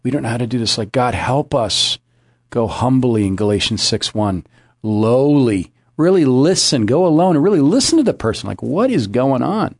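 An earnest male pastor preaches a devotional, circling back to repeat his key phrases. His voice sits at an ordinary middle pitch. The recording is close and dry, with no room sound. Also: big pitch swings, moderate pace, darkish tone, slightly rough, no room sound.

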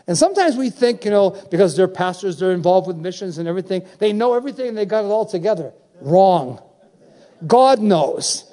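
A man's voice: sits high, animated, a little fast, mellow. A man in his seventies preaching a sermon, emphatic, repeating phrases and calling out to his congregation. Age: 70s.

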